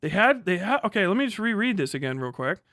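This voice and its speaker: High, bright-voiced man ranting at an article. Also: very animated, no room sound, studio quality. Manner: exasperated, profane, rapid rhetorical questions. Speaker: streamer reacting to an article. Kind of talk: live stream reaction, reading aloud and ranting.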